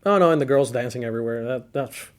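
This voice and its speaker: A middle-aged man with a Cuban accent hosts a relaxed podcast chat. He tells stories with plenty of energy, laughs often and acts out what people said back then. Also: medium pitch, quick pace. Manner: animated storyteller, laughs often, acts out quotes. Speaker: podcast host. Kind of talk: casual car-scene chat.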